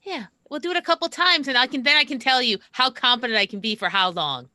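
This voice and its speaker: Very bright, rambling woman player. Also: high voice, lively intonation, fast, no room sound, clean studio sound. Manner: rambling, hesitant, self-mocking. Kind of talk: casual chat at a tabletop game.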